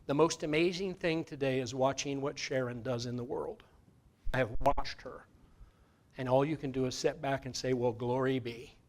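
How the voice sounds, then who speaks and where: A man giving a conversational sermon as guest minister in a church, moving between loud emphatic lines and soft guided meditation. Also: medium pitch, moderate pace. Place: church sanctuary.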